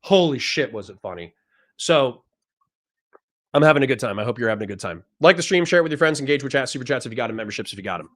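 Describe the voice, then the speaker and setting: A man hosting a livestream, telling a boot camp story in a profane, animated way and repeating phrases for emphasis. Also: medium pitch, fast. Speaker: livestream host and Marine veteran.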